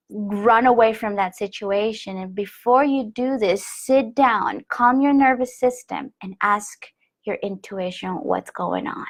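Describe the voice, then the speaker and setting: Soft-spoken woman teacher who drifts into whispers. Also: fairly high pitch. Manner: soft and gentle, often dropping into a hushed whisper. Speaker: spiritual teacher. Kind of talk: live online teaching call.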